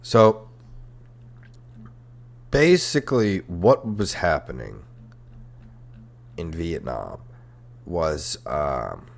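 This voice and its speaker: A man's voice: low voice, very animated, drawn-out words, vocal fry, pauses often. A young adult man hosting a comedy history podcast, ranting irreverently with sarcasm, swearing, and rambling fillers. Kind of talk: casual comedic rant. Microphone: headphones and podcast mic.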